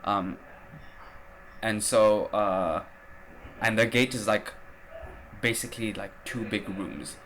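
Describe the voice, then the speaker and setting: A man's voice: fairly low pitch, steady tone, takes it slowly, pauses often, a bit bright, a little hiss or hum. A man hosting a podcast, telling a travel story in a rambling, casual way, swearing and using lots of fillers. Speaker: podcast host.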